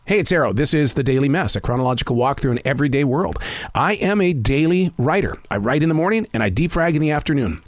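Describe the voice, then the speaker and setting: Man in his fifties, podcast host, rambling and self-reflective, stammers and restarts, lively pitch, fairly high voice. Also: fast, no room sound. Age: 50s. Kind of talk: casual solo podcast monologue.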